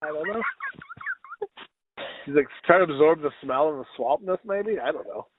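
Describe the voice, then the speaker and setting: A man's voice: fairly high pitch, expressive, moderate pace, background noise. A man co-hosting a podcast, telling crude stories in a rambling, laughing way. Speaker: podcast co-host. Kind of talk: crude casual chat. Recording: tinny, phone-like sound.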